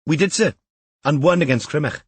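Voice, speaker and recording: A man's voice: on the high side, fairly quick, breathy edge, dry recording, voice pushed up. A man voicing an eager, jokey young detective constable. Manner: eager, upbeat, joking.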